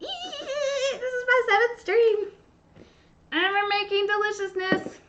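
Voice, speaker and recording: A woman hosting a baking livestream, chatting casually and gushing with excitement. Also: very high-pitched, slow. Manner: bubbly, gushing, squealing with excitement. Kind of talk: casual live-stream chat while baking. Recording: dull lo-fi stream audio.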